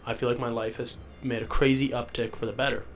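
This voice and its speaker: A man's voice: mid-range voice, flat delivery, fast talker, a little hiss or hum. A sick young man with sniffles hosting a rambling solo podcast from a basement, loopy and self-deprecating. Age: young adult. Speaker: podcast host. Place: rented house basement.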